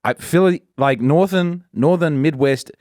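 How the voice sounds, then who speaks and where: A man's voice: fairly high pitch, measured pace, a little mellow, no room sound. An Australian man chatting as a podcast guest, dry and rambling, often trying out accents. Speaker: guest comedian. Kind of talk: casual podcast chat.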